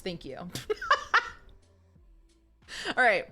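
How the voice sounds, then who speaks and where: A woman's voice: fairly low pitch, slow, long pauses, fairly bright tone. A woman streamer chatting and giggling as she reads a romance novel to her viewers. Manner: giggly, chatty, self-mocking. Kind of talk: live-stream reading and chat. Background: faint music.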